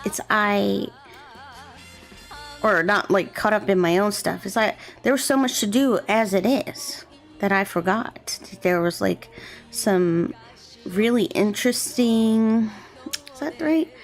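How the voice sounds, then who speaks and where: A young woman streaming as a VTuber, chatting casually and rambling while she draws, keeping her voice deliberately low and soft. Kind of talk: relaxed casual chat while drawing on stream. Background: faint gentle background music.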